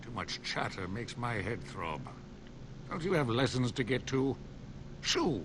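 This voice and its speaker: An actor playing a forgetful, grumpy old mage who talks hesitantly and turns curt, in video game dialogue. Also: male voice, mid-range voice, unhurried. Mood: grumbling. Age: older. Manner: hesitant, then curt and dismissive. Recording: game audio with steady ambient noise.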